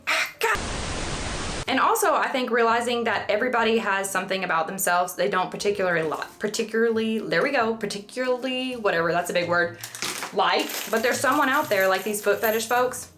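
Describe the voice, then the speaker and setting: A woman's voice: mid-range voice, a bit bright. Chatty woman with a Southern twang. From Southern United States. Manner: joking, rambling asides, stumbles on words. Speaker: DIY craft vlogger. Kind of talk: casual chatty crafting vlog. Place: bathroom.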